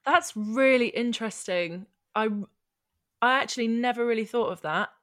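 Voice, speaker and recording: A woman from England interviewing a guest in a casual chat, encouraging him with quick affirmations. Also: a little high, fairly bright tone.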